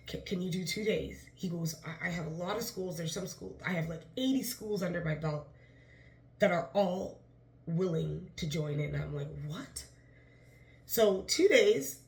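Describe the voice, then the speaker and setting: A woman telling a story for her vlog in a casual, animated way, acting out the people she quotes. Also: mid-range voice. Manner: animated, quotes others in dialogue, excited disbelief. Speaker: vlogger, writer-director of a musical. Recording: echoey room.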